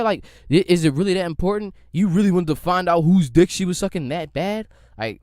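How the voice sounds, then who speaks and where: Give me a young man ranting on his podcast, profane and heated, slightly high voice. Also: fast talker, no echo, clean studio sound. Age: young adult. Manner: profane, heated, animated rant. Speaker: podcast host. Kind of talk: solo ranting monologue.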